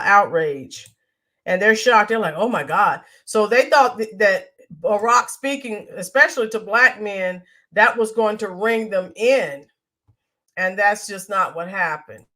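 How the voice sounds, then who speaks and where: A woman hosts a livestream and reads viewer comments with indignant emphasis, mocking the quotes as she goes. Her voice is mid-range, pushed and bright.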